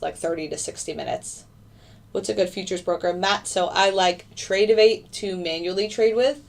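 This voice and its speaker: A woman's voice: lowish voice, distant mic. A young woman hosting a casual trading livestream, chatting loosely with many fillers as she answers viewer questions. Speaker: livestream host, futures day trader.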